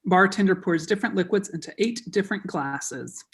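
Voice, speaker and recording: A woman's voice: lowish voice, brisk. A woman reading stage directions aloud in a plain, matter-of-fact way.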